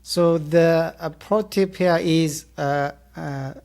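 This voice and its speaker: Podcast host, woman, low voice, slow and hesitant, lots of pauses. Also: fairly even intonation, vocal fry, dark tone. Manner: halting, many "uh" fillers, formal praise. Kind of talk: podcast interview.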